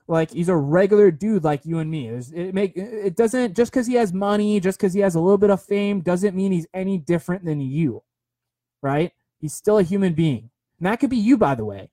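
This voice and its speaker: A man's voice: high voice, expressive, fairly quick, mellow, no room sound. A young man giving a rambling, earnest motivational talk on a phone livestream, full of fillers and repeated words.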